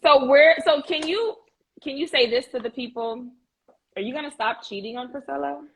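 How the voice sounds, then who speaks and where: A woman's voice: sits high, low-quality recording. A woman hosting a casual live chat, bubbly and teasing, reading out viewer comments. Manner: bubbly, teasing, quick to laugh. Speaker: livestream host.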